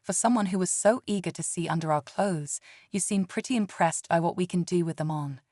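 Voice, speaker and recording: Brief: a woman reading as a weary male ranger, dry humor, plain speech, lowish voice, dead-dry sound. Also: fairly quick, a little mellow, no echo, natural voice. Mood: wry. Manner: wry, plain-spoken. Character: tired male forest ranger, wry and steady.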